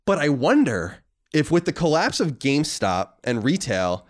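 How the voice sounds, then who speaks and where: A man co-hosting a casual podcast, talking emphatically and rambling with quick restarts. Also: fairly high pitch, sing-song. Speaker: podcast co-host.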